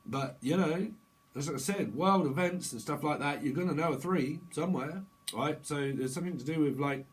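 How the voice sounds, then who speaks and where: A man's voice: a little high, poor audio. A man giving a rambling tarot reading, swearing and laughing as he talks. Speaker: tarot reader. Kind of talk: casual tarot reading monologue.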